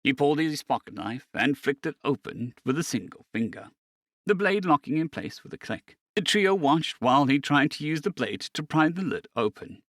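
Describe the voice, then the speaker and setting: A man narrating a science fiction story in a steady storytelling manner. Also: a little high, normal speed, dry recording, clean studio sound. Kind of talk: scripted narration.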